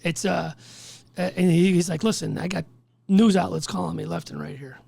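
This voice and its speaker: A man, a firefighter guest, telling his story in casual podcast chat, animated and swearing as he acts out what others said. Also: fairly high pitch, fairly quick, gravelly, husky, no echo. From Chicago.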